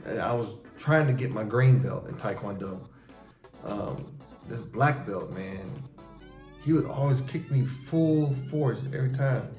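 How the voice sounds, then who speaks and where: A middle-aged man hosting a casual chat with his son, telling profane, animated stories about his past and acting out how he reacted. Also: mid-range voice, unhurried. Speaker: show host talking with his son. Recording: echoey room with faint music.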